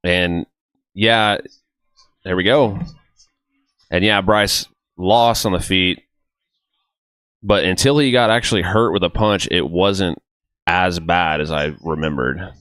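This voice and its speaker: A man with a very low, smooth voice, talking through a fight in casual chat and thinking out loud as he goes. The recording is dry and close to the mic. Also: no echo. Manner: measured, thinks out loud with restarts. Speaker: podcast co-host.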